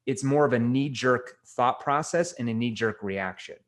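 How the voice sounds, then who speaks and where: A middle-aged man coaching sales calls, giving direct feedback and slowing down to stress key words. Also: medium pitch. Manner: direct, instructive, slows down for emphasis. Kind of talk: coaching role-play feedback.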